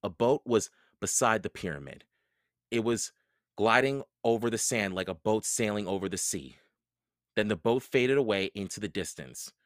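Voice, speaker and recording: A man reading a children's book aloud, narrating in a slow, expressive storytelling way. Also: lowish voice, dry recording, studio quality.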